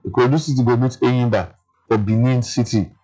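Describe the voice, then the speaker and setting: A man's voice: mid-range voice, steady tone, quick pace, mellow, breathy edge, faint music behind, rough recording. Nigerian Pidgin-speaking man reading sports news. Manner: chatty, opinionated, frequent fillers.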